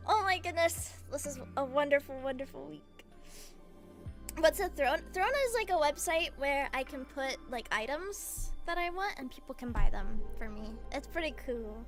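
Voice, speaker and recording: Young female streamer, very high bright voice, lively up-and-down delivery, giggly gushing chat over faint music. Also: a little slow, long pauses. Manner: giggly, gushing, rambling with many "like"s. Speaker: VTuber streamer.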